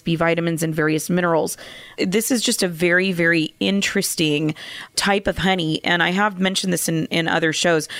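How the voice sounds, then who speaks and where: A woman's voice: lowish voice, creaky, fairly bright tone, no echo. A woman co-hosting a health talk show, chatting casually and laughing easily as she talks. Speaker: co-host.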